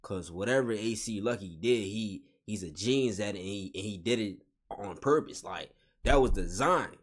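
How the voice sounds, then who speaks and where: A man's voice: lowish voice, normal speed. Guy doing a spiritual pep-talk vlog, says everything twice, slangy and emphatic. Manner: repetitive, emphatic, restates each phrase; casual slangy street talk. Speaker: vlogger. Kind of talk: spiritual motivational monologue.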